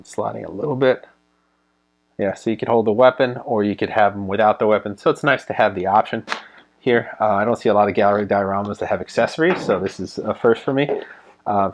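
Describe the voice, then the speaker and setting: A man giving a casual unboxing review of a collectible statue, relaxed and full of ums and uhs as he handles it. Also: on the low side. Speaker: toy reviewer.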